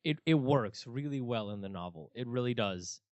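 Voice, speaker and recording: A young man in his twenties co-hosting a casual podcast, dry and sarcastic, quick to laugh. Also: medium pitch, expressive, no room sound. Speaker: podcast co-host. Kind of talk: casual chat.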